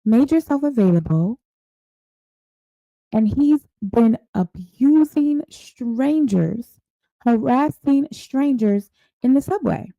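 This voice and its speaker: A woman's voice: a little high, gravelly, dark tone, no room sound, highs cut off. A woman hosting a reaction show, giving casual commentary in a blunt, incredulous, scolding way. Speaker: host reacting to a clip.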